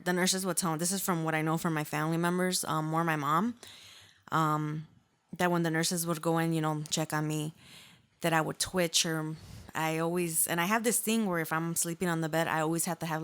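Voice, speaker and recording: A woman's voice: low voice, little pitch movement, moderate pace, a bit bright, clear, resonant tone. A young woman telling her story as a podcast guest in a chatty, meandering way. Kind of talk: casual chat.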